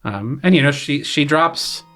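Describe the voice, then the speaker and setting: A man's voice: on the high side, measured pace, soft background music. A young man, a graduate student composer, casually explaining his opera in a podcast chat, with lots of fillers. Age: young adult. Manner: relaxed, explains with many fillers and paraphrased quotes.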